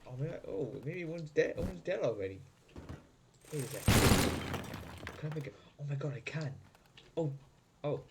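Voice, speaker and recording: A frantic gamer shouts curses and talks himself down while he plays. His pitch jumps all over the place, from yelps to low mutters. Loud noise and clicking sit under his voice the whole time. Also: lively intonation, moderate pace, long pauses. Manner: frantic, swearing, yelling in panic then muttering to himself. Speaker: gaming video creator. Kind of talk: panicked gameplay commentary.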